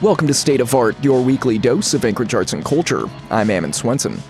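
A man's voice: mid-range voice, brisk, over loud music. A man hosting a radio arts show, reading intros and asking laid-back questions. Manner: smooth read intros, relaxed casual questions. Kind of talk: scripted radio intro and interview. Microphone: studio microphone.

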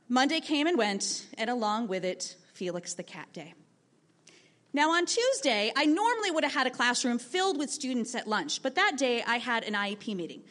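A woman teacher telling a lively story from her classroom to an audience, acting out the voices of the people in it. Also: fairly high pitch. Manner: lively, animated storytelling with acted quotes.

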